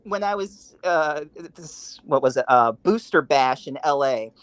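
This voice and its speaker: A man's voice: fairly high pitch, a little slow. A man on a podcast panel telling a long anecdote in casual chat, acting out the voices of the people he quotes. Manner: animated storyteller, acts out quotes.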